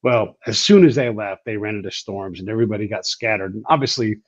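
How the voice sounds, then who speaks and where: Animated man telling anecdotes, lo-fi sound. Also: lowish voice, quick pace, dry recording. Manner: animated storyteller, acting out quotes with a rising voice. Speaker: podcast host. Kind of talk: casual podcast chat.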